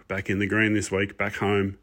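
A man's voice: fairly low pitch, a bit bright, natural voice. A man playing a self-styled lord, a frustrated, ranting sports fan persona. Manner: ranting, exasperated, swearing. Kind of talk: pre-recorded comic rant segment.

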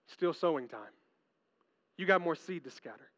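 A male pastor preaching a sermon in a large hall, telling stories animatedly and swinging from hushed tones to excited ones. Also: fairly high pitch, moderate pace, long pauses. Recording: reverberant hall, dull lo-fi sound.

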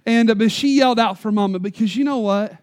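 Preacher guy, really high voice, telling a story from the pulpit, gets loud then drops soft. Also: fast, clean tone. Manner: storytelling, emphatic, varies loudness for effect. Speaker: pastor. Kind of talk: sermon. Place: church.

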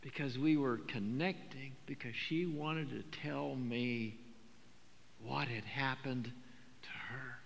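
An older man preaching a sermon, talking in a conversational, animated storytelling way with frequent repetitions. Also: medium pitch, slow pace, creaky, slight background noise. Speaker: pastor. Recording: long hall reverb.

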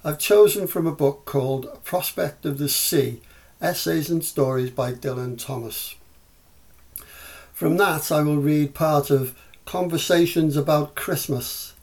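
A man with a Scouse accent, hosting a podcast and reading prose and poetry aloud in a measured way. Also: a little high, darkish tone. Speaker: podcast host and reader.

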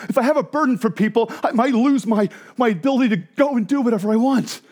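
A man's voice: extremely high pitch, fast talker, a little mellow. A man voicing a weary, apathetic male churchgoer who wants to be left alone, in a whiny, defensive caricature.

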